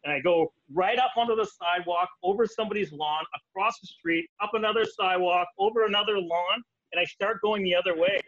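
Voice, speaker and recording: Lively Canadian man with a muffled sound. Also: a little fast, few pauses, no room sound. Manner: animated, laughs through stories, jumps into high voices when quoting. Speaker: guest. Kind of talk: casual storytelling.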